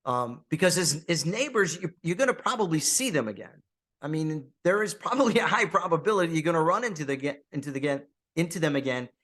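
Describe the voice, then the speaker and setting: A man's voice: on the high side, lively intonation, a little fast, a bit bright. Outgoing male podcast host, rambling. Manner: conversational, rambling with restarts and fillers; outgoing, friendly. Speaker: real estate agent. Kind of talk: casual monologue.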